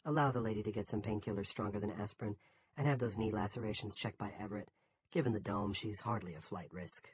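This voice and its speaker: A man voicing a calm, polite male ex-army medic in an audiobook. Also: on the low side, husky, lo-fi sound. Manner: calm, measured.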